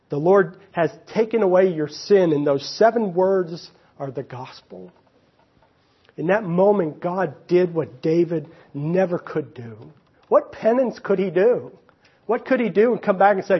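A man preaching a sermon, swinging between loud emphasis and quiet, near-whispered moments. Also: high voice, moderate pace, breathy edge, dull audio. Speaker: pastor.

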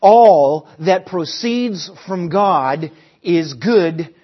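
A man's voice: sits high, animated, extremely slow. A middle-aged man preaching a sermon, teaching earnestly and repeating key phrases for emphasis. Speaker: pastor. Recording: dull lo-fi recording.

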